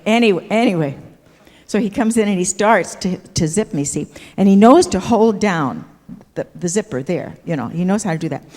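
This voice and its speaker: On an auditorium stage, an older woman with a fairly low, slightly mellow voice performs a comic anecdote, acting out gestures as she goes and often asking "see?" The echoey hall gives the recording a long reverb.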